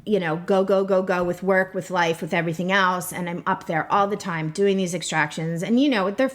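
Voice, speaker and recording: A woman's voice: fairly low pitch, brisk. A woman in her thirties, a podcast guest telling her own story in a talkative way, full of fillers and close to tears at times. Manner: talkative, many "like" and "you know" fillers, tearful at times. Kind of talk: emotional personal storytelling.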